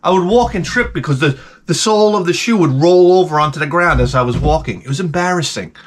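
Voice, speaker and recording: Forties male YouTuber, comic rant, fairly high pitch, very lively swings. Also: quick pace. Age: 40s. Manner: ranting, animated, exaggerated outbursts. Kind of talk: comedic monologue.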